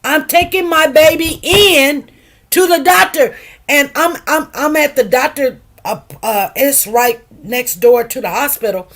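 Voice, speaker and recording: A woman with a high voice hosts a casual talk show. She talks in an emphatic, animated way and acts out the people she quotes. She sounds middle-aged. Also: unhurried. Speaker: show host. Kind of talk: casual chat storytelling.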